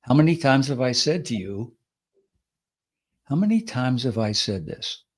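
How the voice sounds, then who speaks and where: A man in mid-range pitch talks through ideas in a steady, explanatory way. He punctuates his points by acting out short quotes with sudden lift and energy. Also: a little slow. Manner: explanatory, lively acted quotes. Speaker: podcast co-host. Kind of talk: conversational advice talk.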